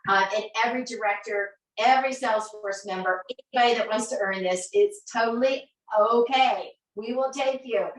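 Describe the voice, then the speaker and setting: A woman's voice: on the high side, fairly bright tone. Bubbly woman in an echoey room. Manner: bubbly, laughs often. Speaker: sales team leader hosting a live meeting. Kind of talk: upbeat live video announcement. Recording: echoey room, far from mic.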